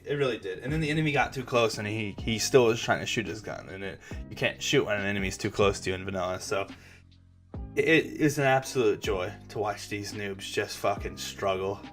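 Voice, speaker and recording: A man's voice: lowish voice, lively intonation, a little fast, a bit bright, faint music behind. A young man hosting a gaming channel chats casually and rambles, swearing often and stumbling into restarts. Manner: rambling, profane, stammering restarts. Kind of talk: casual chat.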